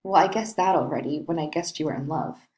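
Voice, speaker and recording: A woman's voice: low voice, fairly quick, a little mellow, natural voice. A woman reading the part of an earnest young man who coaxes and questions his cousin. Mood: coaxing. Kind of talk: reading a play aloud.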